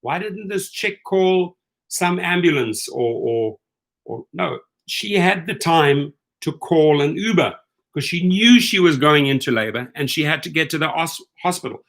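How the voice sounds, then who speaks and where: This middle-aged man's voice sits on the high side and moves a little slowly as he hosts rideshare commentary. His rant is casual, animated, and incredulous, and he acts out every quoted line.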